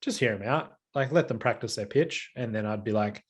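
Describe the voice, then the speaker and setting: A man's voice: fairly low pitch, fairly quick, breathy edge. A man, co-hosting a podcast in casual chat, telling stories and acting out the lines of the people in them. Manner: storytelling with acted-out quotes. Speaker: podcast co-host.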